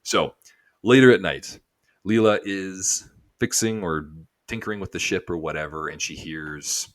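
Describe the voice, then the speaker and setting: A man's voice: low-pitched, a little slow, no room sound. A man co-hosting a podcast, casually retelling a cartoon episode in a rambling way full of fillers. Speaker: podcast co-host.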